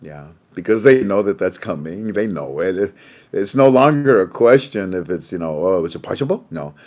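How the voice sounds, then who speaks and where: A man's voice: low voice, expressive, normal speed, darkish tone. A man hosting a casual monologue, rambling and repeating his phrases, with frequent laughter. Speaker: host.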